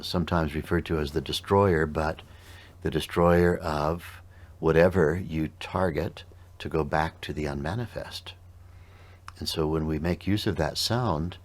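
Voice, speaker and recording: Male meditation teacher, extremely low voice, calm and unhurried in explanation.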